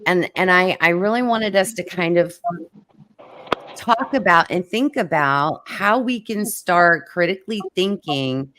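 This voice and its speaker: Her voice sits lowish and expressive, moving at a measured pace as she hosts a relaxed livestream chat. Welcoming each viewer warmly by name, she fills her speech with fillers while the audio cuts in and out.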